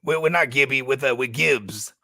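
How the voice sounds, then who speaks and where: A man riffing through a late-night sports chat with loose, profane humor and animated storytelling. His voice has a gravelly grain with a bright, forward tone. The sound is dry and close. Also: medium pitch, normal speed, no room sound. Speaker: podcast co-host. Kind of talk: casual late-night fantasy football chat.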